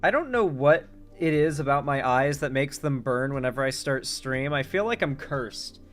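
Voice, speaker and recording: A man's voice: medium pitch, expressive, normal speed, fairly bright tone, soft background music. Rambling male live streamer. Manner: rambling, filler-heavy, joking. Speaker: streamer, political commentator. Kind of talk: casual live-stream chat.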